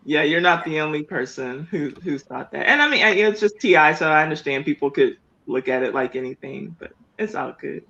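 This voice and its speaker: A man's voice: on the high side, lively intonation, brisk, creaky, few pauses, bright, forceful tone, dull audio. A man co-hosting a casual chat, laughing often and repeating himself. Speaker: co-host.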